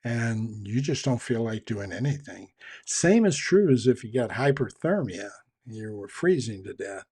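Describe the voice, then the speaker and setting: A man's voice: mid-range voice, expressive, unhurried, dark tone, slightly rough. A man giving a conversational, explanatory talk on trust and leadership, with frequent restarts. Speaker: trainer on communication and leadership.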